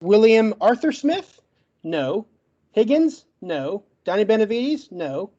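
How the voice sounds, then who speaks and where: A man with a stutter giving a brisk, emphatic closing argument as a guest in an online debate, listing facts one after another. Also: high voice, very animated, mellow, lo-fi sound. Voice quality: stutters, gets stuck on words.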